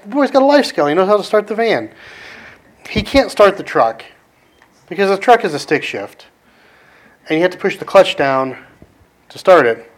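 Conversational male pastor, fairly high voice. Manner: conversational, with restarts and loud outbursts acting out frustration. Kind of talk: sermon.

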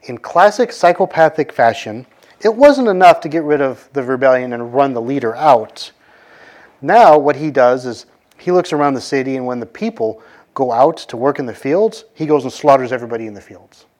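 A man talking through an ancient scripture story in a relaxed, conversational way. He peppers it with fillers and quick voiced quotes from the characters, at a middling pitch. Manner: conversational, many fillers, acts out quoted lines. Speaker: bible teacher. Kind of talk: casual storytelling of a scripture passage.

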